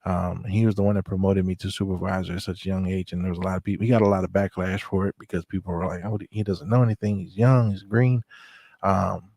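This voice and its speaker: A man's voice: low-pitched, little pitch movement, fast talker, vocal fry, few pauses, darkish tone, no echo. A man telling personal stories in a laid-back, rambling way, with lots of fillers and restarts. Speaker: storyteller recounting memories. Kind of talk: casual spoken storytelling.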